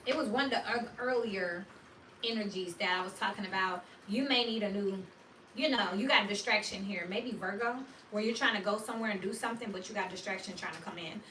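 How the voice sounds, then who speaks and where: Woman, chatty tarot reading, animated slangy delivery, roomy echo, faint background noise. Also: medium pitch, brisk, distant mic. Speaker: tarot reader. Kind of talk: casual tarot reading monologue.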